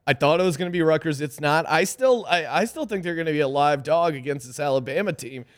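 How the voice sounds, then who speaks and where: Upbeat podcast host, slightly high voice. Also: male voice, fast. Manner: animated, reads ads loosely and jokes. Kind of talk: casual sports betting chat.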